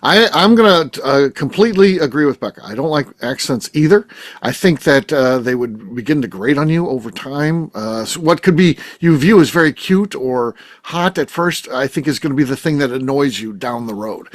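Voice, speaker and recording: Man, light St. Louis accent, podcast host, animated intonation, dry close sound, halting fillers. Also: medium pitch, no echo. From St. Louis area. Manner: animated, hesitant with many "uh" fillers, quick to laugh. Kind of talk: casual podcast chat.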